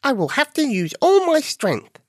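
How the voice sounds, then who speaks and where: A man voicing an eager, helpful young male bunny in a high, exclaiming voice. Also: wildly swooping pitch, moderate pace, no room sound, clean studio sound, full character voice.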